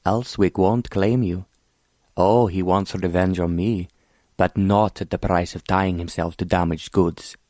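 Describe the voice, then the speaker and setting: A man's voice: deep voice, steady tone, a little slow, darkish tone, no room sound, clean studio sound. A man playing an arrogant scheming prince who speaks coldly and mockingly. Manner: mocking, cold, condescending. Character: cold scheming foreign prince, arrogant villain.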